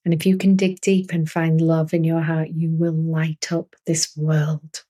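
A woman hosting a spiritual podcast and speaking as an energy healer in a soothing, earnest monologue with gentle repetition. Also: sits low, flat delivery, a little slow.

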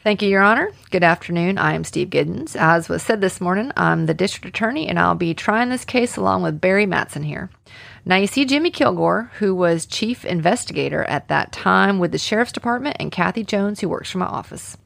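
A woman's voice: on the low side, lively intonation, gravelly, a bit bright, dry recording, heavily acted. Woman reading as a drawling Southern prosecutor. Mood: formal. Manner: formal, measured legal address. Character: male Southern district attorney, formal and earnest. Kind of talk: read courtroom opening statement.

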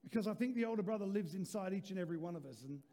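High-voiced pastor preaching in a reverberant hall. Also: male voice, lively intonation, racing. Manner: rising to shouted emphasis, cheeky asides. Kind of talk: sermon. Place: large church hall.

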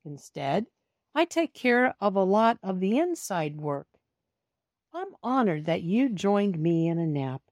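A woman voicing a gentle farm woman who speaks calmly and soothingly. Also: mid-range voice, unhurried, dry recording. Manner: soft, soothing, calm. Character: gentle, calm adult woman living on a farm.

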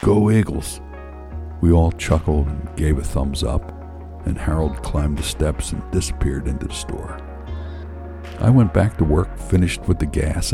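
Deep gravelly male storyteller. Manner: wry first-person storytelling. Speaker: narrator. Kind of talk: reading a story aloud.

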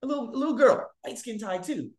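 A man telling stories to his viewers in a casual monologue, swearing freely and swinging widely in pitch and loudness. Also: fast talker. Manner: profane, animated, big swings in pitch and loudness. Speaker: vlogger. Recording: echoey room.

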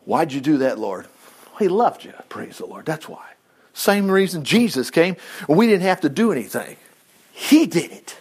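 Guy preaching a sermon, kinda high voice, acts out the quotes, gets loud then quiet. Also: normal speed, slightly rough. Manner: animated, jumps between hushed asides and loud exclaims.

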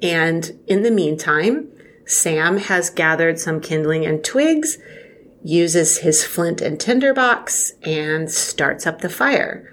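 A woman's voice: low-pitched, animated, takes it slowly. A woman co-hosting a casual book discussion, enthusiastic and reflective. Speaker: podcast co-host.

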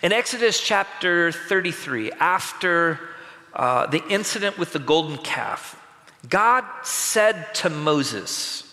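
Male pastor, bright tenor, slow and deliberate, dramatic sermon delivery. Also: on the high side, lively intonation, long reverb tail. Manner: dramatic scripture reading, rising to shouts.

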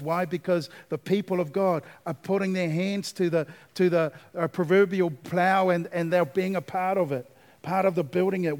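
A man's voice: high-pitched, darkish tone. A man preaching a sermon as pastor, asking the congregation for responses and building to emphatic, repeated refrains.

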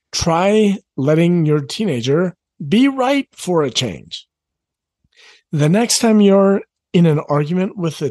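A man's voice: on the high side, a little mellow, husky, no echo. A middle-aged man coaching parents in an earnest, conversational talk, repeating his key phrases. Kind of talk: direct-to-camera advice talk.

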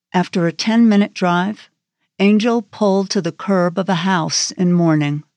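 A woman narrating a crime thriller audiobook in a steady, even storytelling manner. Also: lowish voice, no echo. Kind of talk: scripted narration.

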